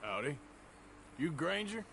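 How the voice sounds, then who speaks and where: An actor playing a blunt, stubborn outlaw in a western video game, speaking in a dry, low-key drawl. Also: male voice, big pitch swings, a little slow, gravelly, pushed and bright, heavily acted. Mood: gruff. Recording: game audio with background noise.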